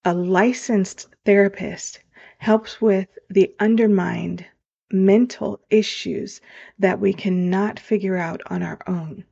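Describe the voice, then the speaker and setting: A woman's voice: mid-range voice, steady tone, takes it slowly, vocal fry, warm tone. A woman hosting a motivational podcast as a life coach, talking earnestly and straight to her listeners. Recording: dull lo-fi sound.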